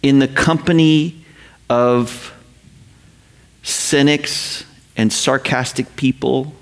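A man preaching a sermon, slowing down to read scripture and speeding up in quick explanatory asides. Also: medium pitch. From North America. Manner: animated, quotes scripture slowly, paraphrases in quick asides. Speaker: pastor.

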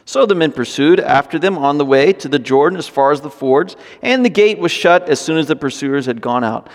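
A man delivers a sermon with a fairly high-pitched voice. He moves between scripture reading and animated, jokey asides. His voice rings through a church hall with a long echo. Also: a little fast. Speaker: pastor.

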